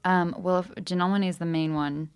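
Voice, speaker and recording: A woman's voice: lowish voice, steady tone, quick pace, smooth. A woman co-hosting a podcast in casual, playful chat, teasing the others. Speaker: podcast co-host.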